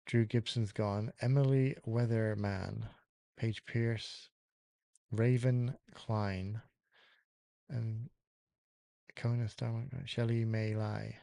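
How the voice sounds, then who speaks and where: A man's voice: lowish voice, darkish tone, dry recording, studio quality. A man co-hosting a podcast, guessing answers to pun clues and talking his way through long lists of names. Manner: thinks aloud, mutters through lists of names. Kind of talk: casual podcast quiz banter.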